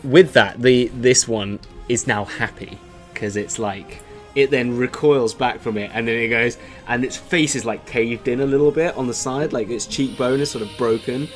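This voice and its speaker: A man, the host and dungeon master of a tabletop game show, talking in a rambling way full of "like" and "sort of". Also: medium pitch. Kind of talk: casual game narration and outro chat.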